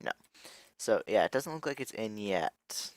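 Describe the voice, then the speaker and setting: A man's voice: lowish voice, big pitch swings, unhurried, dry recording. A young man giving casual, rambling let's-play commentary as a gaming video host, thinking aloud and restarting his sentences.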